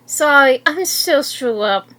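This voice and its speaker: Eine Frau als gekränkte, wütende Schülerin. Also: female voice, sits high, lively intonation, slow pace, sharp tone, exaggerated voice. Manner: shaken, bitter. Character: hurt, angry teenage girl student.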